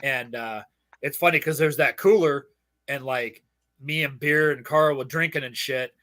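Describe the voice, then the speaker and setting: A man's voice: medium pitch, moderate pace, pushed and bright. A man hosting a podcast, chatting casually and telling rambling, profane stories with lots of laughter. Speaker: podcast host. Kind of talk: casual chat.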